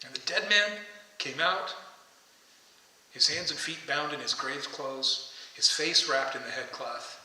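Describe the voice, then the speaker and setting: A man delivers an impassioned sermon from the pulpit, and his voice sits a little high and sounds strikingly bright. The church around him is roomy and echoey, so every line hangs in the air. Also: a little slow, pauses often, recorded from a distance. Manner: impassioned, shouting the calls to come out. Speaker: pastor. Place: church sanctuary.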